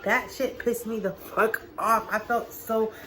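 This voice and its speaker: A woman's voice: a little high, flat delivery, measured pace, background noise. Young woman swearing through a storytime vlog. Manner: casual, profane, talks to viewers as y'all. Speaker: vlogger.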